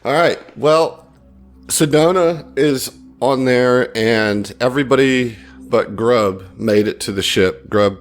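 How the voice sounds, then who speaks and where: A man's voice: medium pitch, slow, faint music behind. A man running a tabletop game as game master, hyped and casually swearing.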